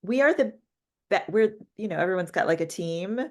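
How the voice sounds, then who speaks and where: A woman's voice: on the low side, expressive, a little fast. Woman cohost on a podcast, giggles a lot, easygoing chat. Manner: giggly, laughing easily. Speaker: podcast co-host. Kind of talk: casual chat. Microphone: microphone.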